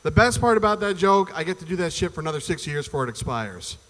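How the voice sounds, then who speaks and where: Profane stand-up comic in a reverberant venue. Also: male voice, on the high side, big pitch swings, quick pace, fairly bright tone. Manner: loose, profane, rambling delivery with acted-out voices. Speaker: stand-up comedian. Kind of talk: open mic stand-up set. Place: performance venue stage before a live audience. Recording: long hall reverb from a venue.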